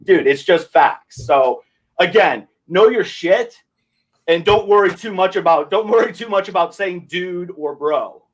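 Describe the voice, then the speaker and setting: A man's voice: sits high, lively intonation, unhurried, rough recording. A young man chatting casually on a podcast, laid-back, full of slang and swearing. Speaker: podcast host. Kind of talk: casual chat.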